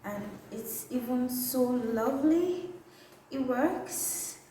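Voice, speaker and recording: Playful nigerian girl vlogging, kinda high voice, slow drawn-out talk, echoey room. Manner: playful and excitable, drawn-out catchphrases. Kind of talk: casual vlog showing items to camera. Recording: very echoey room, slightly distant mic.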